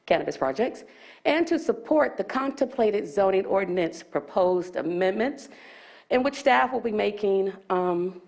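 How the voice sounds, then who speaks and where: A woman's voice: medium pitch, lively intonation, a little slow, creaky, darkish tone. A county staff woman presenting at a public board meeting, slightly out of breath, explaining ordinance rules and reading legal text aloud with small restarts.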